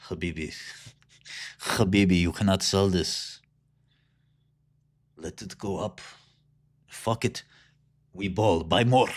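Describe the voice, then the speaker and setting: A man's voice: lowish voice, slow, pauses often, a little mellow, slightly rough. A man putting on a bossy rich sheikh. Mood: reckless, bossy. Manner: drawling, bossy, calls everyone habibi. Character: boastful rich male sheikh investor, reckless.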